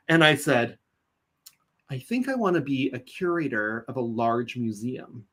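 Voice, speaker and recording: A Californian nursing executive, appearing as an interview guest, speaks in a mid-range voice a little slowly. He tells stories with animation, acts out quotes, and laughs along the way.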